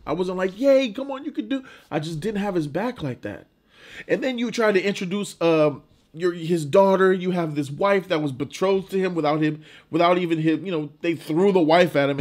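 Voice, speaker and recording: A man giving a casual, emphatic movie review, informal and often restarting his words. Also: on the high side.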